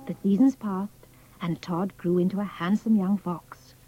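A woman narrating a children's storybook in a measured, expressive reading. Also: mid-range voice, muffled recording, over music.

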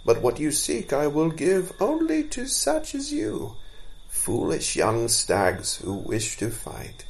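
A man reading as a mighty deer god of the forest, commanding and solemn, his voice swinging widely up and down. The speech comes in slow, measured phrases with a gravelly edge, as in a storybook read aloud. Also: on the high side, wildly swooping pitch, pitched above the performer's own voice, full character voice, rough recording.

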